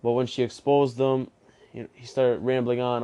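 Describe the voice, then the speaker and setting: A young man hosts a casual book review podcast in a chatty, plainspoken way that circles back on itself. His voice is smooth and clear at an average pitch, and he keeps a flat, even delivery. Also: normal speed.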